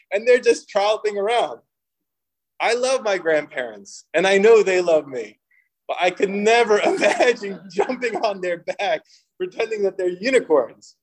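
A young man preaching a sermon, mixing humorous personal stories with scripture and lively voiced quotes. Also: high voice, normal speed, low-quality recording. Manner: storytelling with humor, animated quoting. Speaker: pastor.

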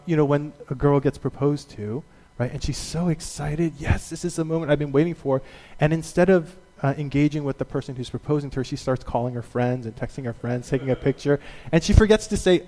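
A man preaching a sermon as a pastor, telling stories in an animated way and acting out the quotes. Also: on the high side, long reverb tail.

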